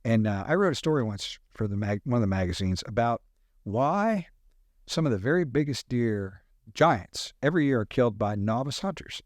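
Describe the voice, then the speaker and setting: A middle-aged man, a podcast guest, telling animated hunting stories with sound effects in casual talk. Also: medium pitch, moderate pace, no echo, studio quality. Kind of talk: casual storytelling.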